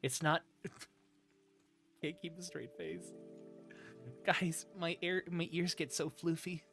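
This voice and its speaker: A man streaming live, chatting in a soft, breathy, put-on high "femboy" voice close to the mic, giggling and reading chat aloud. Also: slow pace, faint music behind.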